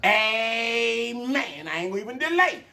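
A man hosting a mukbang vlog, talking casually and excitedly to his viewers. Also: a little high, moderate pace. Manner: animated, excitable, calls out to viewers. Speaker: mukbang channel host.

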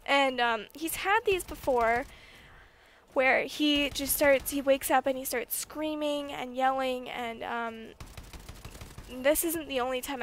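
High-voiced young woman telling a story. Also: slight background noise. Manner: chatty, lots of fillers, rising to excited emphasis. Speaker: vlogger. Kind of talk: casual storytime vlog. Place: her bedroom.

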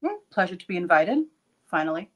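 A woman's voice: fairly low pitch, sing-song, fairly quick, highs cut off. A woman guest in a comedy interview, answering in a dry, teasing way. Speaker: guest representative.

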